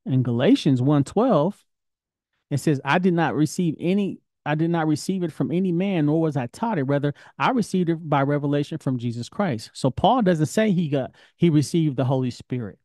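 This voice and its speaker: A man's voice: on the high side, lively intonation, normal speed, mellow, dry recording, studio quality. A man teaching an informal Bible study lesson, talking in a conversational, questioning way. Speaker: Torah teacher.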